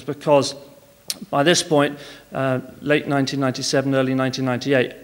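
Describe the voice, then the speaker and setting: A man's voice: mid-range voice, long reverb tail. A man speaking at a conference, telling frank, wry business anecdotes.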